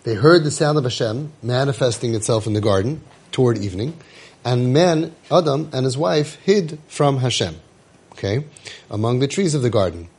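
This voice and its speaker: Lively, slightly husky man teaching Torah. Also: medium pitch, moderate pace. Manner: animated, asks rhetorical questions, mixes Hebrew quotes with English. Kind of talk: Torah class lecture.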